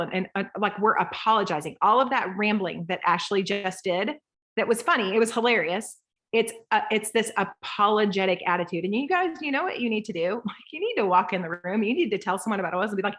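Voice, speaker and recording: A woman in her thirties coaching a group call, lively and rambling, acting out voices as she talks. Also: medium pitch, brisk.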